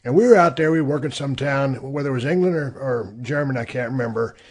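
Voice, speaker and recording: A middle-aged man with a husky voice at an ordinary pitch, hosting a podcast. He tells his own road stories in a laid-back, rambling way and swears freely. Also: fast talker. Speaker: podcast host. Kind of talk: casual storytelling. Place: podcast studio.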